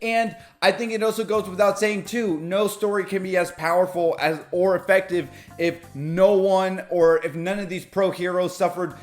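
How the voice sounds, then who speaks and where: A man talking through an anime episode in a casual review, openly emotional and excitable, with many fillers and restarts. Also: high voice, moderate pace, few pauses, faint music behind.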